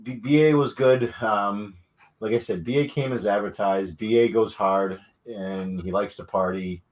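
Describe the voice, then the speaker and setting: Male co-host, very deep voice, easygoing storyteller, filler-heavy casual chat. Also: fairly even intonation, a little slow. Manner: laid-back storytelling with frequent fillers. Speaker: podcast co-host.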